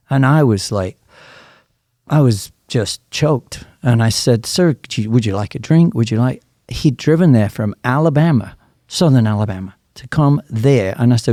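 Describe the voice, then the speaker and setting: A man's voice: medium pitch, dark tone, no room sound, clean studio sound. A man telling a story in a casual chat as a guest racing driver, earnest and quoting others in dialogue.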